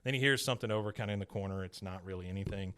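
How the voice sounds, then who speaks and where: A man hosting a podcast, recapping a cartoon episode in a casual, animated way and chuckling often. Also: deep voice, rapid-fire, clear, resonant tone. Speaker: podcast host.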